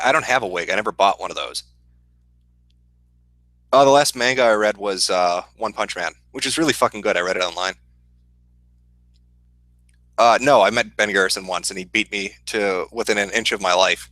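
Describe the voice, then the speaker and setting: A man with a Midwestern accent, hosting a casual livestream and answering chat questions in a profane, deadpan, sardonic way. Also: on the low side, no echo, rough recording. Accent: Midwestern American.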